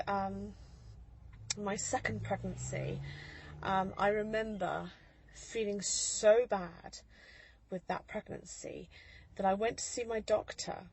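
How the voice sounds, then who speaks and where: A woman's voice: medium pitch, gravelly, slight background noise, low-quality recording. A woman in her thirties talks into her phone from a parked car in a casual vlog, chatty and rambling with many ums and laughs. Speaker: mother vlogger.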